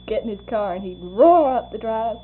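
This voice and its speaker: A woman's voice: a little high, normal speed, husky. Older woman telling stories on tinny tape. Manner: laughing, animated storyteller acting out quoted voices. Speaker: interviewee. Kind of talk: oral history storytelling. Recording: tinny lo-fi tape with faint hum.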